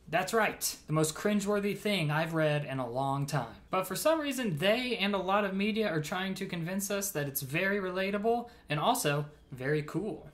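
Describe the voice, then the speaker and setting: A man's voice: sits high, lively intonation, normal speed, a bit bright, soft background music. A young man from the American Midwest doing mocking, exasperated comedic commentary, swearing casually as he rants. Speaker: comedy YouTuber.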